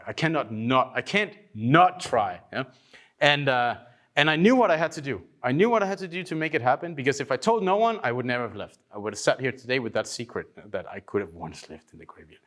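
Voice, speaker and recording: A man from Denmark gives a workshop talk in a loose, storytelling way. He acts out other people's voices with big swings in pitch and swears casually. He sounds a little tired, having slept little. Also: a bit bright. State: tired from lack of sleep. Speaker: workshop speaker.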